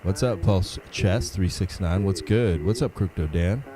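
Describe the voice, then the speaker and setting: Deep-voiced man hosting a livestream. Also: measured pace, crowd noise, rough recording. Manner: greets chat viewers by name, laid-back. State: a little under the weather, sniffling. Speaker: livestream host. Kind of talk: casual livestream chat.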